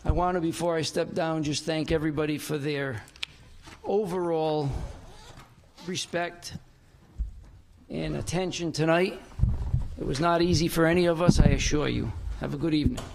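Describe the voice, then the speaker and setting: A man serving as council president, chairing a formal public meeting and reading a prepared statement with slow, deliberate emphasis. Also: fairly high pitch, fairly even intonation, vocal fry, background noise. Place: council chamber.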